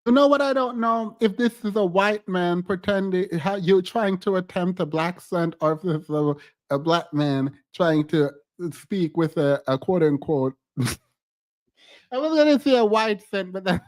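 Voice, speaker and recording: A man's voice: sits high, lively intonation, moderate pace, no echo. A man co-hosting a livestream, chatting casually and teasingly with viewers, laughing often and repeating phrases. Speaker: livestream co-host.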